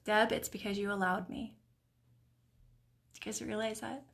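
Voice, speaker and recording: A middle-aged woman hosting a live video stream, reading viewers' comments aloud in a warm, encouraging, emotional way. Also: medium pitch, flat delivery, normal speed, gravelly. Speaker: host of a live mindset stream.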